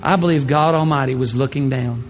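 A man pastor telling a personal story in a sermon, animated, swinging from hushed to loud. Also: mid-range voice, brisk. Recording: echoey hall with faint music.

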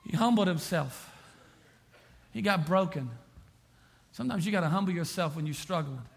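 A man preaching a sermon as pastor, repeating phrases and swinging from quiet to impassioned. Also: sits high, lively intonation, normal speed, vocal fry.

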